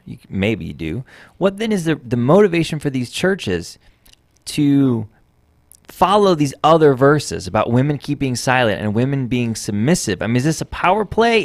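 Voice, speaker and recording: A man's voice: medium pitch, dry recording. A man co-hosting a radio talk show in a studio, asking pointed questions with some hesitant fillers. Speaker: radio co-host.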